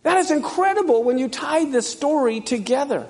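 Emphatic male preacher, high gravelly voice, builds excitement while reading verses aloud. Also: moderate pace. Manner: emphatic, reads scripture aloud with rising excitement. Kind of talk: sermon.

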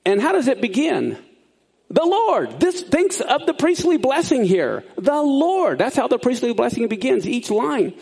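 A man teaching a sermon, explaining Bible words in an animated way that swings up high for emphasis. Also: a little slow, vocal fry, slightly rough.

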